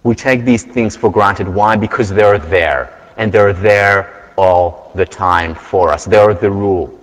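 A man giving a university lecture, earnest and measured, telling stories to make his point. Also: on the low side. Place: large lecture hall. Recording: lecture hall with long reverb.

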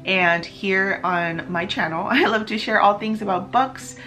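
A young woman author talking casually to her camera, warm and chatty, with bursts of gushing excitement and breathy gasps. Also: mid-range voice, unhurried, over music. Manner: gushing and breathless, many gasps and nervous laughs. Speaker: author and book vlogger. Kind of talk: casual vlog talk to camera.

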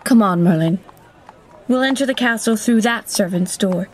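A woman's voice: medium pitch, normal speed, a little hiss or hum, natural voice. An actress playing a courteous woman herald in an audio drama, formal in address.

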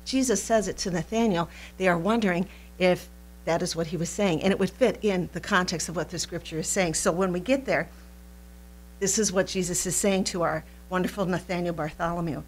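A woman teaching a recorded Bible study in an animated, playful way, laughing often. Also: on the low side, a little fast, a little hiss or hum.

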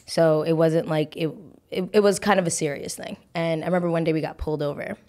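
Young woman rambling through a story on her podcast, kinda low voice, super chatty. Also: fast. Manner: chatty, animated, full of fillers and restarts. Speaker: podcast host. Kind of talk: casual storytelling.

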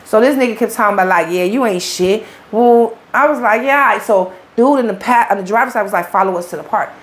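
A woman's voice: fairly high pitch, fast talker. A woman, an interview guest telling her own story in blunt, profane street talk.

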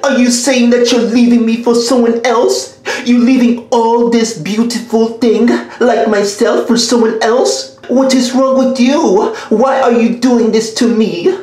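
A woman's voice: a little high, fairly even intonation, measured pace, dark tone, natural voice. A clingy video game as a jilted lover, voiced by a woman. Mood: pleading. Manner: pleading, melodramatic, needy. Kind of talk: comedy voiceover skit. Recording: very echoey room.

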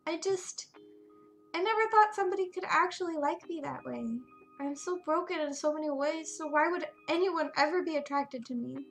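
A woman reading the lines of a shy, hurt young woman in a game, soft and hesitant as she admits her feelings. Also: high voice, moderate pace, faint music behind. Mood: hesitant, tender. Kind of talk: reading game dialogue aloud.

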